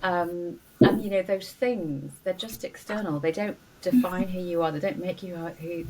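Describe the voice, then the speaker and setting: A woman's voice: fairly low pitch, moderate pace, mellow, distant mic, poor audio. Earnest woman guest, slightly off-mic. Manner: earnest, encouraging, many "you know" fillers. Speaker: doctor and coach, podcast guest. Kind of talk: warm interview conversation. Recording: faint noise, voice a bit off-mic.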